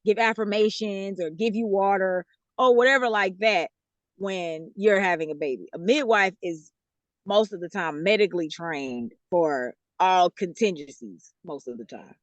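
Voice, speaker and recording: A woman's voice: on the low side, normal speed, dry recording. A woman with a Southern US accent, a guest author answering interview questions in a chatty way with frequent fillers and laughs. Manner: chatty, laughs often, explains with many fillers.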